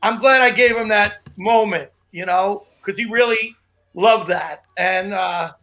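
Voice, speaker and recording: A man's voice: sits high, a little slow, sharp tone. A man co-hosting a podcast, a comedian telling loose, rambling stories in casual chat. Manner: loose, rambling storyteller with restarts.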